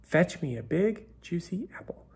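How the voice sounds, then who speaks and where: A man voicing a kind old mare who is a fairy godmother in a storybook, gentle and commanding, in a raspy voice. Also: sits high, sing-song, normal speed, voice pushed up, heavily acted.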